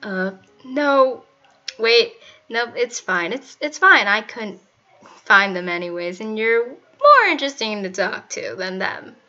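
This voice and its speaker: A woman's voice: medium pitch, sing-song, a little slow, bright, forceful tone. A woman voicing a teenage boy who jokes around and gets flustered around a girl, in a casual manner for a storybook reading. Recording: muffled, faint music behind.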